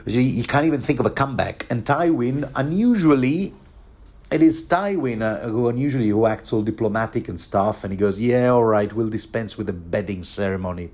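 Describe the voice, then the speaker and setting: A man's voice: mid-range voice, a little mellow. A man giving a rambling, chatty book commentary, joking and chuckling as he goes. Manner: rambling, chuckling, many fillers and restarts.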